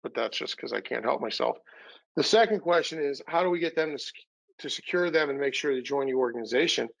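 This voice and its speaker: A man's voice: medium pitch, fast, creaky, poor audio. A man giving a sales training webinar over a video call, a little winded, coaching with energy and acting out quoted dialogue. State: a little winded, recovering from illness. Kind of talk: webinar talk.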